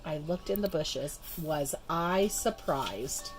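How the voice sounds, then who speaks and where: A woman reading a children's storybook aloud in an expressive, measured way. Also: on the low side, soft background music. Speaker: storybook reader. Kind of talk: children's book read-aloud.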